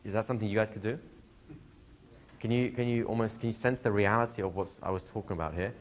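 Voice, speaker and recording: A man's voice: on the low side, fairly even intonation, fast, a little hiss or hum. A man, a hypnosis instructor, answering a student's question in a live workshop, telling stories, laughing and acting out quoted dialogue. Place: training room with students.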